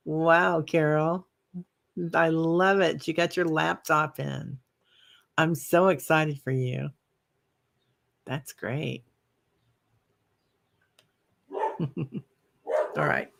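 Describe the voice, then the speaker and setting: A woman hosting a live meditation stream. She chats with viewers, reads out their comments with plenty of fillers, and guides the breathing with soft, slow cues. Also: low-pitched, steady tone, creaky. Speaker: meditation host.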